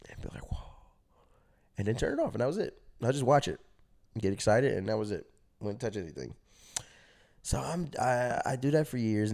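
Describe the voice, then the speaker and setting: A young adult man casually telling a story on his vlog, animated and slangy, laughing at himself and swearing freely. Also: medium pitch. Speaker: vlogger.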